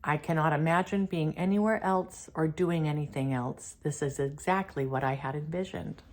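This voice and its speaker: A woman channeling a soft-spoken male reptilian being. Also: sits low, moderate pace, natural voice. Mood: earnest. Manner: soft-spoken, formal and courteous.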